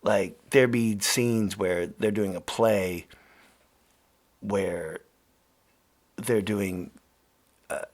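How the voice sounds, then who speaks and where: A man hosting a podcast, telling a story in a loose, animated way, laughing and swearing freely. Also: lowish voice, very slow, long pauses. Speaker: podcast host. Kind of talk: casual storytelling.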